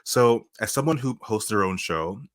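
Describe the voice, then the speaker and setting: A man co-hosting a podcast over a video call, his voice sitting on the low side. The sound is dry and close, with no room around it. He chats warmly and laughs easily. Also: lively intonation, normal speed, no echo. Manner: warm, laughing, chatty. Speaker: podcast co-host. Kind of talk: casual podcast chat.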